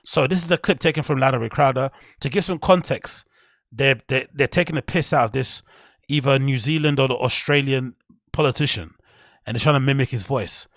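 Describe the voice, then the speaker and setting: A man's voice: mid-range voice, a little fast, creaky, fairly bright tone, dry recording, studio quality. A man hosting his podcast, ranting in a casual, profane, heated and rambling way. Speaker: podcast host. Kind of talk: casual commentary rant.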